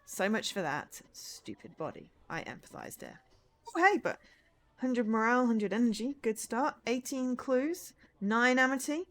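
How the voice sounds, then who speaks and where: A woman's voice: a little high, a little slow. A woman streaming a visual novel, reading the story aloud and breaking in with chatty asides. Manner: lively, chatty asides between read lines.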